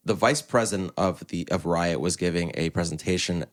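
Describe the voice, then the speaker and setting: Deep-voiced man, relaxed guest. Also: brisk. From United States. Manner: relaxed, rambling with restarts. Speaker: podcast guest. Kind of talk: casual interview chat.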